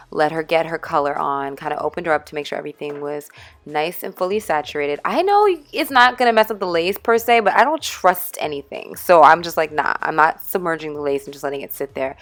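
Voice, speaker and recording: A young woman vlogging a chatty hair-dye tutorial, bubbly and playful, calling her viewers darling. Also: sits low. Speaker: beauty vlogger.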